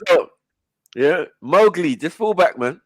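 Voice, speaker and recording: A man hosting a casual panel chat on a stream, ranting in an animated, exasperated way and swearing. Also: fairly high pitch, measured pace, slight background noise. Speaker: stream host.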